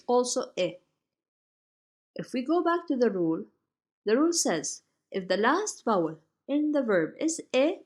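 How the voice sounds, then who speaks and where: Woman language teacher, higher voice, slow, clear delivery of each example. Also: a little mellow. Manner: slow, careful, spells out each Turkish word. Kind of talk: slide-based grammar lesson.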